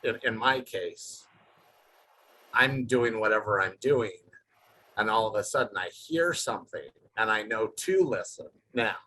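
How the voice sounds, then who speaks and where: A man co-hosting a casual call, relaxed, reading out viewer questions. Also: on the low side, unhurried. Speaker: co-host. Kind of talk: casual video-call chat.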